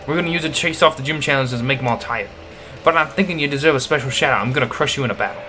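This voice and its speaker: A man's voice: medium pitch, very fast, close to an everyday voice. A man voicing a rowdy young male gang grunt in a put-on Australian-style accent, cocky and taunting. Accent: put-on Australian-ish accent. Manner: taunting, swaggering.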